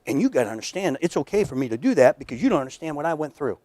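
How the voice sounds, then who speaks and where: A man's voice: on the high side, big pitch swings, rapid-fire, dark tone, no room sound. A man lecturing at a workshop in a conversational, emphatic way, often repeating words and speaking straight to his audience. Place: lecture room.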